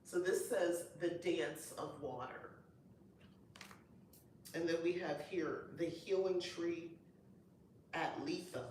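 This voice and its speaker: A woman hosting a casual unboxing chat, gushing and excitable, with lots of delighted exclamations. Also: on the low side, slow pace, long pauses, recorded from a distance. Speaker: host. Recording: echoey room, voice off-mic, faint noise.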